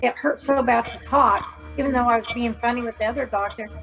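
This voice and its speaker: A woman in her fifties, a former corrections officer, telling personal stories in an animated, humorous way and acting out the voices of others. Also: on the high side, fast talker, gravelly, soft background music, rough recording. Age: 50s. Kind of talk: casual storytelling interview.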